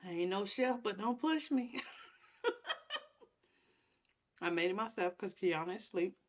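A woman's voice: mid-range voice, very animated, slow. A woman vlogger chatting casually to her viewers while eating a meal on camera, savoring each bite. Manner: chatty, talks while chewing, savoring food. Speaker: mukbang vlogger.

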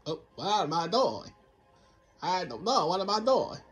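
Excitable man doing game commentary. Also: high-pitched, unhurried, soft background music. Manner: excitable, scolds himself, laughs often. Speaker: gamer. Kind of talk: let's play commentary.

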